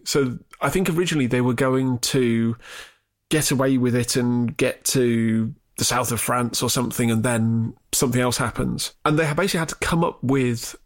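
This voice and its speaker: A man chatting casually about films as a co-host, relaxed and wry. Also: medium pitch. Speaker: film podcast co-host.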